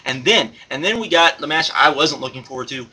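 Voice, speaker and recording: A man's voice: on the high side, lively intonation, a little fast, sharp tone, husky, full character voice, poor audio. A man voicing a giddy male alter-ego reviewer who gushes over wrestling shows and keeps repeating and exclaiming. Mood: gushing. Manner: gushing, repeats himself, exclaims often. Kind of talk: excited spoken review.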